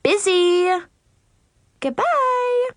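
A woman putting on a shrill, snobby teenage girl. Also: big pitch swings, drawn-out words, no room sound, studio quality, exaggerated voice. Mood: flustered. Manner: shrill, gushing, sarcastic. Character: snobby catty teenage girl, fake-sweet. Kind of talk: audiobook reading.

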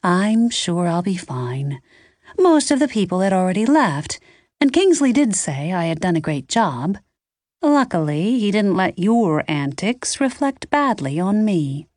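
A woman's voice: medium pitch, big pitch swings, unhurried, darkish tone, no echo, clean studio sound. A woman voicing an earnest, modest young woman caterer.

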